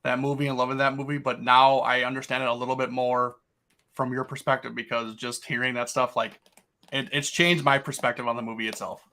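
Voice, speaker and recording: A man's voice: mid-range voice, level tone, a little fast, pushed and bright. A man co-hosting a podcast, chatting enthusiastically about a film, full of "like" fillers. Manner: enthusiastic, lots of "like" and "holy crap". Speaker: podcast co-host. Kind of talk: casual film discussion.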